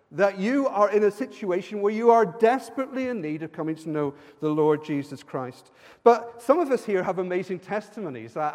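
A man preaching a sermon in a church, earnest and personal, building to emphatic repeated lines. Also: high-pitched. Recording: long hall reverb.

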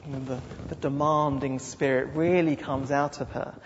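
A man's voice: mid-range voice, fairly even intonation, normal speed, slight background noise. A man preaching a sermon with dramatic storytelling and repeated phrases. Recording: dull lo-fi sound with long hall reverb.

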